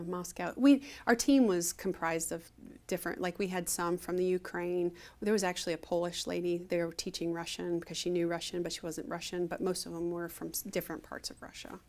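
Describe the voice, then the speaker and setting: A middle-aged woman from Ohio, a retired Air Force officer, telling stories in a conversational interview, full of fillers and restarts. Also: on the low side. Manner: chatty storytelling, frequent fillers and restarts. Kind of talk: conversational oral history interview.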